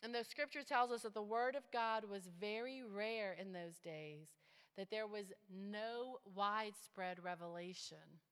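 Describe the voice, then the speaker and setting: A woman pastor preaching a sermon in a large church. She swings from hushed, intimate asides to rising, building exhortation. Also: mid-range voice, unhurried, clear, resonant tone. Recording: long church hall reverb.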